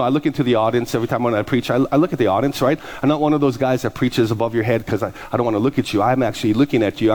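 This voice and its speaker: A middle-aged man, a pastor, preaching a sermon through lively personal stories and acting out the people he quotes. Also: mid-range voice. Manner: animated, acts out quoted voices, laughs at his own stories. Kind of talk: sermon storytelling.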